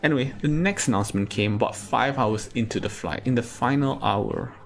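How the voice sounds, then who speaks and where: A man from Singapore performing a stand-up comedy set, telling a story deadpan with sudden outbursts. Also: medium pitch, brisk, gravelly.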